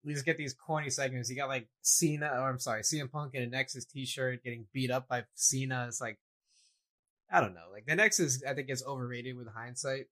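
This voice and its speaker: Male co-host, opinionated and rambling, average pitch, shrugs things off in casual chat. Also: steady tone, fairly quick, sharp tone, rough recording. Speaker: podcast co-host. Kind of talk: casual wrestling discussion.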